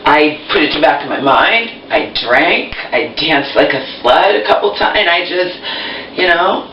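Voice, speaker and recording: A woman's voice: low-pitched, animated, a little slow, slight background noise. A woman vlogger venting in a rambling monologue, sarcastic and agitated, swearing often. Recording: roomy, distant, muffled home recording.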